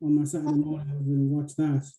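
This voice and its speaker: A man's voice: fairly high pitch, completely flat delivery, fast talker, mellow, low-quality recording. A middle-aged man hosting a podcast, chatting casually and making wry, dry remarks. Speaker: podcast host. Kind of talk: casual chat.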